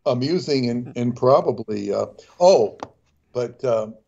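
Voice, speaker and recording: A man's voice: mid-range voice, animated, takes it slowly, creaky, dark tone. Rambling male guest on dull audio. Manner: rambling, anecdotal storytelling. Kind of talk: casual chat.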